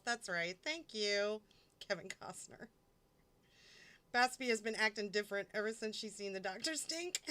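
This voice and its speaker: Slow, bright-voiced woman streamer, giggly. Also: medium pitch. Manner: rambling, profane and giggly, reading out chat. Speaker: livestream host. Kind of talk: casual live-stream chat.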